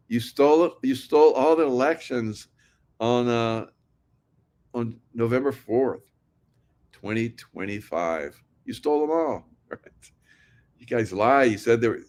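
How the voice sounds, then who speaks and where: A man hosting an online commentary show, talking casually to viewers in a rambling, sardonic way with frequent laughs. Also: on the low side. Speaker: political commentary host.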